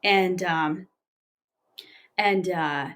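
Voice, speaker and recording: A woman in her thirties, an interview guest, recounting a personal story in a plain, halting way with many fillers. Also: fairly low pitch, fairly bright tone.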